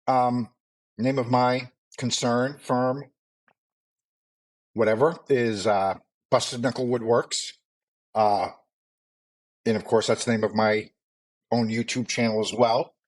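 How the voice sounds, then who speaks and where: A middle-aged man from Maine chats as a podcast co-host, with a faint Maine accent coming through. His pitch sits in an ordinary middle range for a man. He talks in an easygoing, meandering way, full of fillers and side remarks. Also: takes it slowly, pauses often. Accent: mild Maine. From Maine, USA. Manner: rambling, relaxed, with fillers and asides. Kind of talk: casual chat.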